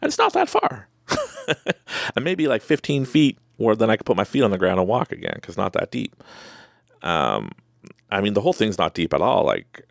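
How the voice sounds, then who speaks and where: Deep gravelly man telling a story. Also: moderate pace, dry recording, clean studio sound. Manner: animated, acts out his own reactions, laughs often. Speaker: podcast host. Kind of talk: casual storytelling.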